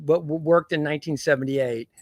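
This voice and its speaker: A middle-aged man telling a surfing story in casual backyard chat, animated, laughing and swearing as he goes. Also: on the high side, brisk, dry recording, clean studio sound. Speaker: guest. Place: backyard outdoors.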